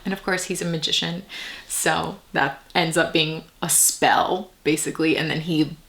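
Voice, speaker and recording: A woman giving a casual tarot reading to camera, musing and meandering, with soft whispered asides. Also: sits low, fairly even intonation, moderate pace, creaky. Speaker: tarot reader.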